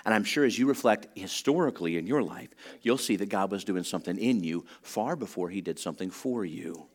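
A man's voice: sits low, brisk. A man preaching a sermon, telling a story with humor and acting out the voices of the people in it. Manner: animated storytelling, acts out voices, humorous asides. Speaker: pastor.

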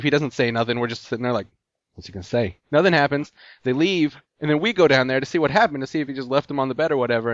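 In a casual podcast chat, this co-host tells a long, meandering story packed with "like" fillers. His voice sits at medium pitch with no room sound, captured in dull lo-fi audio.

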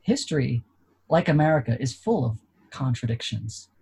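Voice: medium pitch, big pitch swings, moderate pace, mellow, breathy edge. A reader giving an earnest, declamatory dramatic reading during a worship service.

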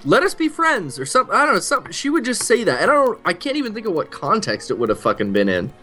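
A man co-hosting a podcast in a fairly high voice that swings widely as he jokes. He swears freely and keeps the talk loose and playful. Faint music sits under his voice. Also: fast talker. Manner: joking, animated, swearing. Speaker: podcast co-host. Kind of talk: casual podcast banter.

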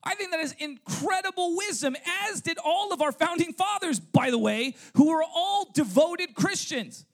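At a church service, a male pastor with an extremely high, expressive voice preaches at normal speed with few pauses. He punctuates his points with "okay?" and "right?" and fires rhetorical questions at the congregation.

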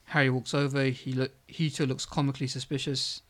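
A man reading his comedy script aloud in a low, hesitant voice with many fillers, then chatting about it. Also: level tone, brisk, a bit bright.

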